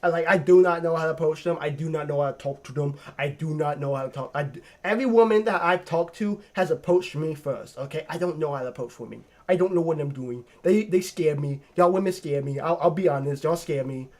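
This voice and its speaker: Man, video host, slightly high voice, animated joking rant, lots of cursing. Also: a little fast, few pauses. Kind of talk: casual ranking commentary.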